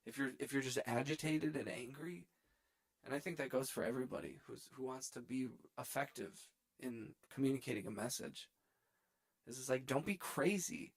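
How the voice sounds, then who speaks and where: A man who makes music chats casually on a live stream from his home studio, being goofy and playfully repeating words. He speaks at medium pitch and a moderate pace into a studio dynamic microphone.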